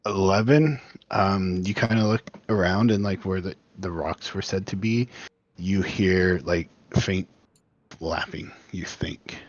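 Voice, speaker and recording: A man's voice: sits low, slow, dry recording, highs cut off. A man narrating as game master of a tabletop game, laid-back and rambling.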